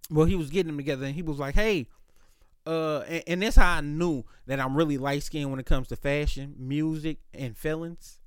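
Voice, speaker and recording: Profane, animated male podcast storyteller. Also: a little high, fairly quick, hardly any pauses, smooth, dry recording. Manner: profane, animated storyteller acting out both sides. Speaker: podcast host. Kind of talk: casual storytelling chat.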